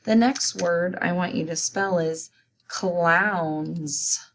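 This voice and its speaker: Slow-spoken woman teacher sounding out words. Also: fairly low pitch, slight background noise. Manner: slow, deliberate, sounding out letters and syllables. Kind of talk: spelling lesson for children.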